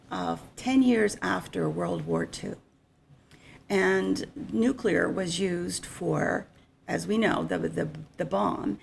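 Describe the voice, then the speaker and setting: A woman's voice: fairly low pitch, gravelly, a little hiss or hum. A middle-aged woman giving an unscripted, conversational conference presentation on insurance. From Canada.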